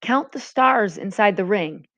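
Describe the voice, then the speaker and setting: A woman's voice: mid-range voice, expressive, unhurried, fairly bright tone, no room sound. A woman reading aloud and voicing a rambling, good-natured old sea captain in a storybook, over a dull lo-fi recording. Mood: genial. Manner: rambling, chuckling.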